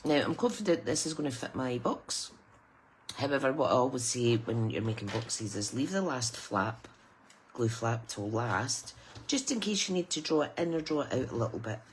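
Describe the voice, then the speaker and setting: A woman's voice: rumbling low, expressive, normal speed. A middle-aged woman with a British accent talks through a papercraft project step by step. Her tone is chatty and soothing, like someone reading at story time, with a faint hum of noise behind her. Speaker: papercraft demonstrator. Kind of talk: live crafting tutorial.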